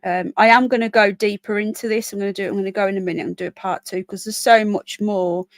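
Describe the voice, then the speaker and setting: A woman's voice: mid-range voice, steady tone, quick pace. A tired woman hosts a casual live stream, chatting with her viewers. Her voice sits in a middle range and sounds dry and close, with no room echo. She yawns often and drifts off her point to answer comments. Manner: chatty, talks to viewers and pets in between points. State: yawning, tired. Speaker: livestream host.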